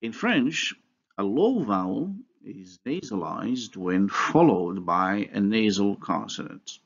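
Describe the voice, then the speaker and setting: A man giving a recorded university lecture on phonology, explaining slowly and methodically with pauses and small restarts. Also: on the low side, big pitch swings, creaky, muffled recording.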